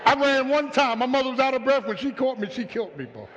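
An older man preaching a sermon as pastor, calling out to the congregation and building to shouts. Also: extremely high pitch, sing-song, quick pace, slight background noise. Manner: call-and-response preaching, rising to shouts. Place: church sanctuary. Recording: muffled live audio in a hall.

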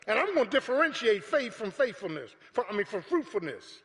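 High, lively preaching man in echoey church. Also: a little fast. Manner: preaching that builds to shouts, calling out to the congregation. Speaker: pastor. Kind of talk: sermon. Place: church sanctuary.

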